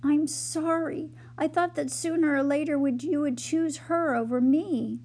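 A woman's voice: high voice, steady tone, measured pace, dark tone, pitched above the performer's own voice. A woman doing a remorseful young squirrel maid. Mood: earnest. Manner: earnest, confessing.

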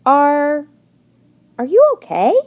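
A woman voicing a shy, timid young female mouse in a storybook, speaking softly and hesitantly. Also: lowish voice, lively intonation, measured pace, lo-fi sound. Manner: soft, hesitant.

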